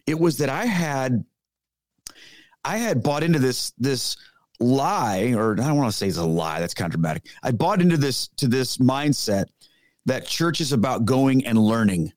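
A man's voice: mid-range voice, lively intonation, moderate pace, darkish tone, no echo. Middle-aged guy on a podcast, earnest and punchy, tells stories, dry close sound. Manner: earnest and emphatic, casual slang. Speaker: podcast guest, former pastor. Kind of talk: conversational storytelling.

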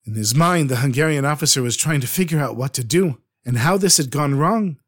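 A man telling a dramatic true story in an earnest, expressive way. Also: on the high side, fairly quick.

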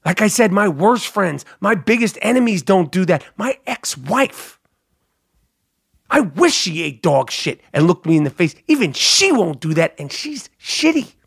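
A man hosting a solo comedic podcast, ranting in a profane, animated, mock-outraged way. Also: high-pitched, a little slow, creaky, husky, no echo, studio quality. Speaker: podcast host.

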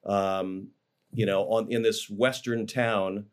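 A man with a fairly low voice shares memories as an interview guest. He rambles along, circling back with plenty of fillers and restarts, in an easygoing, conversational way. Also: steady tone, slow pace, clear, resonant tone. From Los Angeles, USA. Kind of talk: casual interview storytelling.

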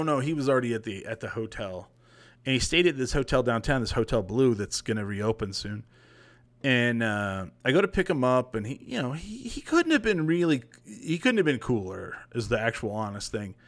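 A young man hosting a podcast livestream, telling a long story in a rambling, profane, casual way. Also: mid-range voice. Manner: rambling, profane, animated retelling. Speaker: podcast host.

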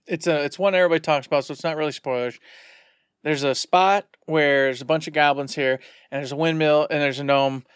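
A man co-hosting a podcast, retelling a game session in a rambling, animated way. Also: a little high, fairly quick, clean tone, no echo, clean studio sound. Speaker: podcast co-host. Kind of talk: casual storytelling.

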